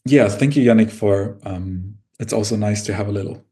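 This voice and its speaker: A man co-hosting a casual podcast has a warm, fairly low voice and a moderate pace. Thoughtful, he gropes for words, often using fillers and starting over.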